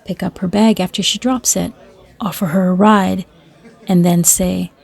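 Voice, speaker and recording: A woman's voice: lowish voice, steady tone, moderate pace, vocal fry, darkish tone, husky, some chatter behind. A woman storyteller reading short stories and jokes aloud in a dry, matter-of-fact way.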